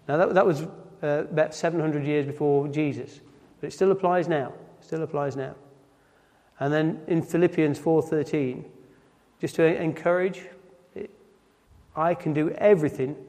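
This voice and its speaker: A man's voice: a little high, darkish tone. A man giving an earnest sermon, repeating key phrases and often checking in with "right?". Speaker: lay preacher. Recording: long reverb of a church hall.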